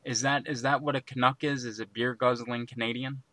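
A man's voice: mid-range voice, flat delivery, a little fast, bright, forceful tone, no echo. A man co-hosting a crude comedy chat, bantering in a goofy way. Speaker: podcast co-host.

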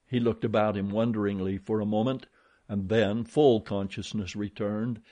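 Man, audiobook narrator, somewhat low voice, measured dramatic storytelling. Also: steady tone, warm tone. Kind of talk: scripted narration.

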